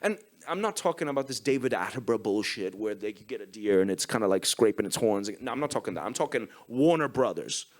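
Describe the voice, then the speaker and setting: A man's voice: on the low side, animated, quick pace, hardly any pauses. An Irish man giving a comic conference talk, telling profane, self-mocking anecdotes. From Ireland. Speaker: conference speaker. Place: conference stage.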